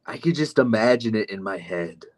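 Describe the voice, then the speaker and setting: A man's voice: lowish voice, animated, normal speed. A man streaming live, reading chat comments aloud and answering them with sardonic, profane mockery. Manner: sardonic, mocking, profane asides.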